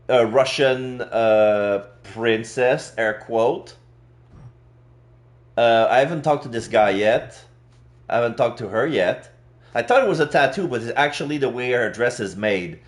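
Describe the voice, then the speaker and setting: A man talks through a game on a live stream, slowly and unhurriedly. He pauses often, restarts his sentences, and fills the gaps as he thinks aloud in casual, friendly commentary. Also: mid-range voice. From Quebec. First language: French. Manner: slow, halting, many fillers and restarts.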